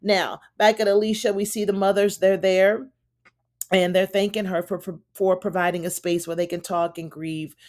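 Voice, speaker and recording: A woman's voice: medium pitch, level tone, moderate pace, darkish tone. A woman giving a casual, chatty recap of a TV episode, retelling the scenes in her own words with plenty of fillers. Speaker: TV show reviewer.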